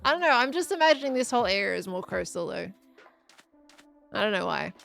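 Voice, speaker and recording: A woman's voice: mid-range voice, big pitch swings, gravelly, fairly bright tone, faint music behind. A young Australian woman chatting casually on a live game stream, answering chat as she builds. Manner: chatty, reading and answering chat, quick laughs.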